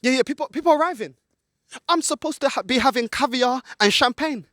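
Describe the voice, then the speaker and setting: A man's extremely high, pushed and bright voice moves fairly quickly, with no echo and studio quality. Outdoors in a car park, a friend holds the camera as he rants angrily for a football fan vlog, now and then slipping into Portuguese.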